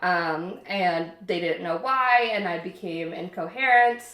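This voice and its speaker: A woman's voice: lowish voice, a little slow, fairly bright tone, echoey room. A woman, the host's sister, chatting casually in a home kitchen. She rambles and laughs often. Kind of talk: casual chat.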